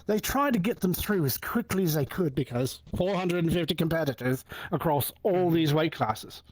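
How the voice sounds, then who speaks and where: A man hosting a talk show and telling a personal story in a casual, animated way, acting out the dialogue. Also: on the high side, normal speed, dry recording. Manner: animated, acts out dialogue with many restarts.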